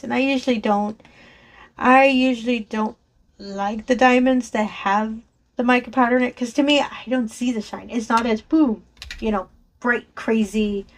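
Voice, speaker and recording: A woman vlogger chatting casually while sorting craft supplies, enthusiastic, laughing often and correcting herself as she goes. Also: a little high. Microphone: desk microphone below a raised camera.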